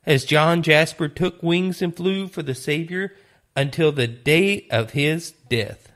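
Earnest male Bible teacher, slightly high voice. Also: slow, fairly bright tone. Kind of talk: sermon storytelling.

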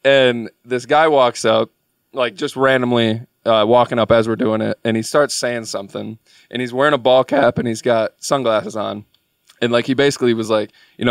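Young man, podcast guest, rambling casual storytelling, filler words, mid-pitched voice, dry sound. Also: steady tone, normal speed, dry recording. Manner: rambling, filler-heavy delivery.

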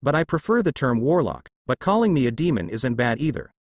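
A man voicing a cocky young male ninja who calls himself a warlock, with a dark, taunting delivery. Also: mid-range voice, very animated, fairly quick, dry recording. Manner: dark, taunting grins and boasts.

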